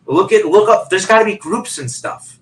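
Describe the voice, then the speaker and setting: A man's voice: high voice, moderate pace, a bit bright, poor audio. A man on a video call telling a long personal story in a rambling way, full of fillers and restarts. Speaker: guest.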